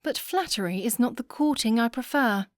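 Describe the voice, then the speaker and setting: A woman reading a proud, spirited young noblewoman with a poised, sharp manner, in an audiobook. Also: fairly high pitch, expressive, moderate pace, no room sound, natural voice. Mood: cold.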